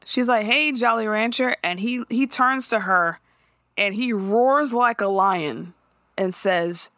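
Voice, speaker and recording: A woman co-hosting a podcast, recapping a show in casual chat with animated, profane storytelling and quick character impressions. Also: medium pitch, dry recording, studio quality.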